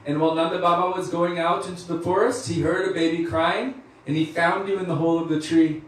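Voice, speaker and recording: A man's voice: on the high side, steady tone, fairly quick, a little hiss or hum, natural voice. A man voicing a group of teasing cowherd boys in a devotional story, in a mocking tone. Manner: mocking, knowing. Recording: echoey room from far off.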